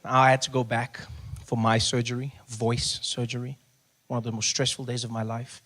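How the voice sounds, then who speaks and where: A man, doing animated stand-up storytelling. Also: medium pitch, moderate pace. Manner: animated storytelling, big shouted character voices. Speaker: stand-up comedian. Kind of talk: stand-up comedy.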